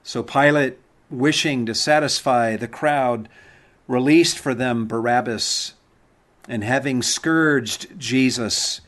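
Male scripture reader, unhurried and deliberate, mid-pitched voice, solemn service reading. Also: fairly bright tone. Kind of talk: reading the Passion at a Good Friday service.

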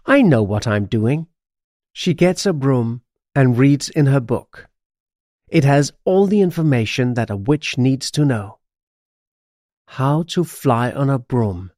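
A man reading a children's audiobook aloud in an expressive storytelling manner. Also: medium pitch, slow pace, dry recording, clean studio sound. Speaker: audiobook narrator.

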